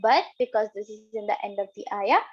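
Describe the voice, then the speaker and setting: A woman's voice: mid-range voice, expressive, fairly quick, breathy edge, dull audio. A woman teaching a recitation lesson step by step, patiently repeating each example several times.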